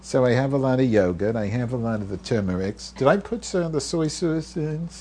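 A man's voice: medium pitch, lively intonation, fairly quick, darkish tone, a little hiss or hum. A man in his fifties hosting a solo podcast while he cooks at home, rambling, swearing and getting sidetracked with muttered asides. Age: 50s. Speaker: podcast host. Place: home kitchen.

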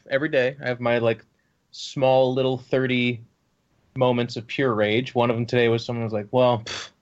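A man chatting casually with fellow players, telling animated stories and swearing freely. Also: mid-range voice, dull audio. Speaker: tabletop game player and streamer. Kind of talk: casual chat, storytelling.

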